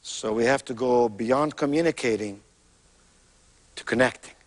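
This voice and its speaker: A man's voice: medium pitch, unhurried, big-room sound. A man giving a motivational keynote, telling stories with emphatic, theatrical delivery and rhythmic repetition. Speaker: motivational speaker.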